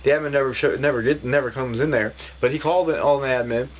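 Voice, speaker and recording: A man's voice: medium pitch, quick pace, a little hiss or hum. A man ranting in a vlog, rambling and frustrated, with many restarts. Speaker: vlogger.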